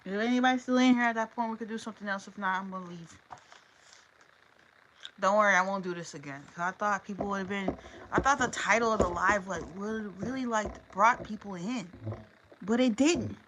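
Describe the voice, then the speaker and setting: A woman's voice: medium pitch, fairly quick, a bit bright, a little hiss or hum, rough recording. A woman reading a story aloud on a livestream, chatty and talking straight to her viewers.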